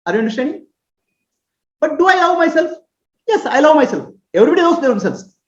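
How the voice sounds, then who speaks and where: A woman with a fairly high voice gives an earnest spiritual talk, explaining step by step and checking that her listeners understand. The recording is roomy and a little dull, as if captured in an echoing space with modest equipment. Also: big pitch swings, brisk. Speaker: spiritual teacher. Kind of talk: spoken teaching on self-acceptance.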